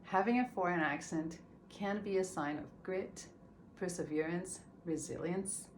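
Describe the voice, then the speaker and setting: Woman speaker, somewhat low voice, earnest measured talk, faint hiss behind. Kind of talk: prepared talk. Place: stage.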